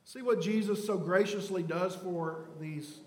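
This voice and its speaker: Male pastor, high-pitched, emphatic sermon delivery; reverberant sanctuary sound. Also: measured pace. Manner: emphatic preaching, swings from loud to hushed. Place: church sanctuary. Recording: echoey church hall.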